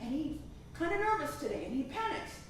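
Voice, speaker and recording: Brief: high-pitched woman comic, animated storyteller, echoey and distant on stage. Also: brisk, slight background noise. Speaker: stand-up comedian. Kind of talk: stand-up storytelling.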